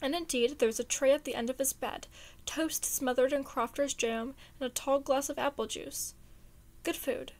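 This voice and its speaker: A woman reads fan fiction aloud in a casual, expressive way. Her voice is high. She sounds chatty and relaxed between chapters. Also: normal speed.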